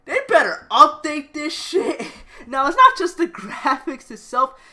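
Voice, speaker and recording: A woman's voice: sits high, sing-song, measured pace, pushed and bright. A woman ranting in a profane video game reaction, swearing constantly and breaking into laughter. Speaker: gaming video creator.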